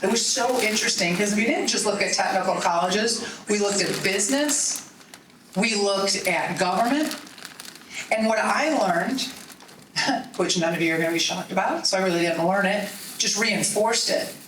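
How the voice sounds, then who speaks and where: Middle-aged woman, animated storyteller at a party meeting, faint room hum behind her. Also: mid-range voice, normal speed, recorded from a distance. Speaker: political speaker. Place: meeting hall. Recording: roomy hall audio from off-mic.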